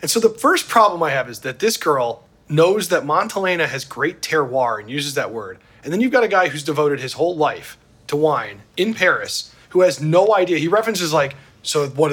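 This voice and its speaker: Husky-voiced man, animated talker. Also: fairly high pitch. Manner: animated, opinionated, laughs easily. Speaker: podcast host. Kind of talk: casual chat about film and wine.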